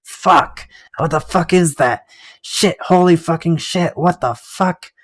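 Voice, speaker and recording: A man's voice: a little high, lively intonation, moderate pace. A man voicing a terrified middle-aged male convict test subject who swears constantly in panic. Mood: panicked.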